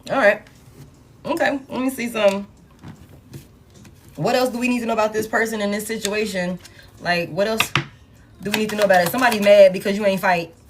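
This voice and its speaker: A woman's voice: medium pitch, steady tone, brisk, pauses often, background noise. A woman giving a casual, blunt and profane tarot reading to her viewers, laughing often. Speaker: tarot reader.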